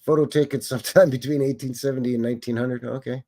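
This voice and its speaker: This Canadian host talks fast in a warm, mid-range voice with fairly even intonation. He's riffing lightly on old photos during a live show, cracking jokes as he looks them over.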